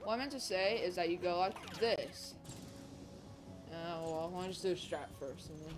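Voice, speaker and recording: A woman hosting a gaming channel, chatting casually through a speedrun race with lots of "like" and sudden excited outbursts. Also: on the low side, normal speed, background noise. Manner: rambling, filler-heavy, excitable outbursts. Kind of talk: casual gameplay commentary. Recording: game music playing loudly behind. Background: game music.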